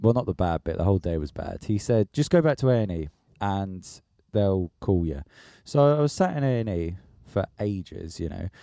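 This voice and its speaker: A man co-hosting a podcast, telling an animated, sweary story in casual chat. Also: low voice, normal speed, creaky, few pauses, dry recording, studio quality. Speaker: podcast co-host.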